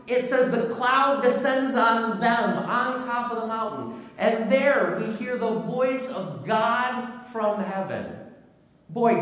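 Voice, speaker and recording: A man preaching a sermon, telling a personal story, acting out the voices in it and asking the congregation rhetorical questions. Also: very high-pitched. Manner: storytelling, lively, acts out quotes, asks rhetorical questions. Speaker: pastor. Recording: echoey hall with long reverb.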